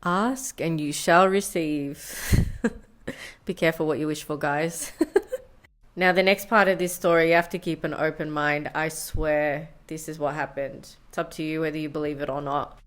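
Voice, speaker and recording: A woman's voice: low voice, fairly even intonation, normal speed. A woman in her thirties telling a candid, confessional story in a vlog, often laughing at herself. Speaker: science vlogger.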